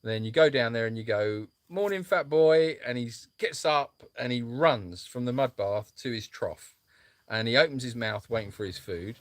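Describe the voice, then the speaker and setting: A man co-hosting a live stream from an animal sanctuary, who talks in a rambling, jokey, animated way. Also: medium pitch, moderate pace, no room sound. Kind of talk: casual live-stream chat.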